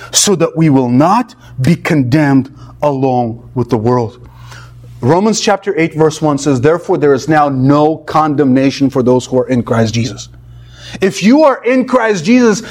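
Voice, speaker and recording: A man preaching a sermon, earnest and emphatic, his pitch rising and falling with each point. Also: a little mellow. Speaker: pastor.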